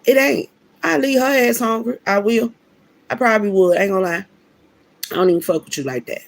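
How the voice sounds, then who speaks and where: A woman's voice: fairly high pitch, brisk, creaky. A woman telling a personal story in a casual, preachy way, emphatic and slangy, often restarting her sentences. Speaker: vlogger.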